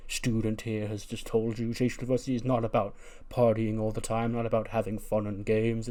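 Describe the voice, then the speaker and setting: A man voicing a pompous male university professor who talks in a lofty, drawn-out way. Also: fairly low pitch, warm tone, lightly acted. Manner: grandiose, drawn-out words.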